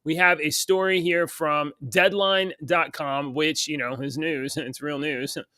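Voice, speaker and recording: A man's voice: on the high side, steady tone, measured pace, sharp tone, no echo, clean studio sound. A middle-aged man co-hosting a casual talk show, rambling with many restarts. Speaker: co-host. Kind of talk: casual chat.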